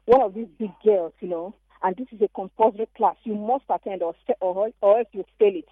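A woman with a Nigerian accent calling into a radio show, telling an animated, emphatic story. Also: medium pitch, brisk, dry recording. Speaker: caller. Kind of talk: call-in radio comment. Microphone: phone. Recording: tinny phone line.

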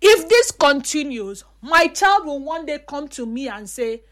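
A young woman hosting a casual chat, reading viewer comments aloud and telling stories with lively acted-out dialogue. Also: sits high, unhurried. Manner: animated storyteller, acts out dialogue.

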